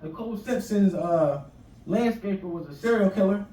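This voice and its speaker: A high voice with a dark tone moves at a moderate pace as a forties comedian from the US East Coast shore area launches a rambling, profane rant in conversational fashion. The sound is echoey and distantly miked, with faint noise.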